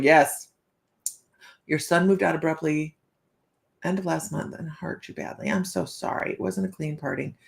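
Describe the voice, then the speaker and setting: Her voice sits lowish and creaky as this middle-aged psychic livestream host spins casual, chatty stories. Laughter comes often, and she performs the voices of whoever she's quoting.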